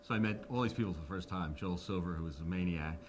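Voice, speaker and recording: A man's voice: sits low, fast talker. A man in his fifties, being interviewed, telling anecdotes animatedly and acting out the people he quotes. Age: 50s.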